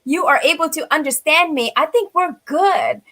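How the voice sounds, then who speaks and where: Earnest woman, slightly high voice. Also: expressive, moderate pace, pushed and bright. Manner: earnest, filler-heavy with frequent "you know". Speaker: panel guest, author. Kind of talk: panel conversation.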